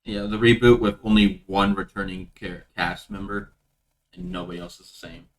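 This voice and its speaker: A man hosting a casual online quiz show, chatting haltingly and laughing often. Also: deep voice, steady tone, low-quality recording. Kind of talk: casual gaming chat.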